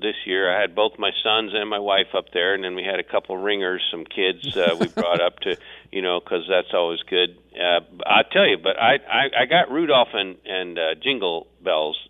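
A man's voice: low voice, normal speed. A man in a city office post, talking in a rambling, meandering way with restarts during a radio interview. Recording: phone-line audio.

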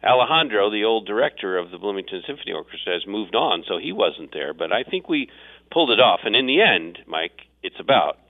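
A man with a low voice speaks as a city official on a radio interview, rambling along and circling back on himself. His voice comes through a thin, phone-like line. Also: sing-song, brisk. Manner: rambling, meandering with restarts.

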